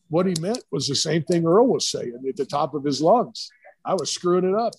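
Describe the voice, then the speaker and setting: A middle-aged man with a husky, slightly rough voice tells coaching stories at an easy conversational pace. He rambles from one anecdote to the next and slips into quoted lines from old bosses and his wife. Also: a little high, lively intonation, fairly quick, darkish tone, rough recording. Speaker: retired college football coach and staffer. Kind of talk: casual storytelling interview. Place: brewery.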